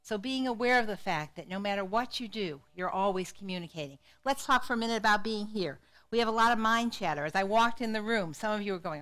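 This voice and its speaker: A middle-aged woman psychologist giving a lively, interactive talk to a live audience, often putting questions to the crowd. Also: medium pitch, a little fast. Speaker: psychologist and speaker.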